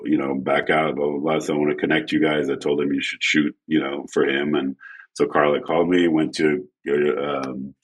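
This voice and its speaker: A man telling casual stories as a guest photographer, acting out quotes in an animated way. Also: slightly rough. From France. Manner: animated, acts out quotes with shifting pitch. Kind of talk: casual storytelling.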